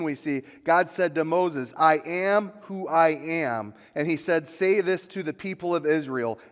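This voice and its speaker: A male pastor preaching a sermon, building to loud, emphatic peaks on dramatic lines. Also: fairly high pitch. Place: church sanctuary. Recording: long church reverb.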